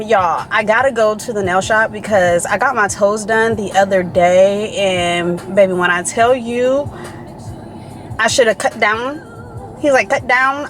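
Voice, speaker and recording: A woman in her thirties chatting casually to viewers in a vlog, animated and slangy with frequent asides. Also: mid-range voice. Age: 30s. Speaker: vlogger. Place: in a car and at home.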